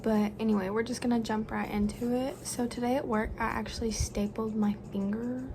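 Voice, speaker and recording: Speaking a little fast in a voice on the high side with little pitch movement, a young woman talks about books to camera, bubbly and full of fillers. The book vlogger's camera sits propped on the floor in a home room, where a running fan makes the recording noisy with hum.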